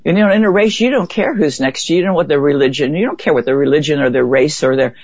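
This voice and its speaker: A woman being interviewed, telling a vivid story in a lively way and acting out what others said. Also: sits low, fast talker, slightly rough, dry recording. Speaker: interview guest. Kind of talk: conversational storytelling. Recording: dull, dry lo-fi recording.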